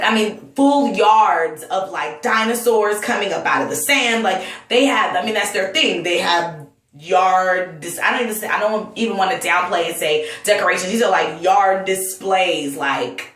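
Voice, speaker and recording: A woman's voice: mid-range voice, fairly bright tone. A woman from North Carolina delivering an impassioned personal rant, earnest and emotional, often restarting her sentences. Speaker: vlogger and Sunday school teacher. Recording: roomy, distant mic.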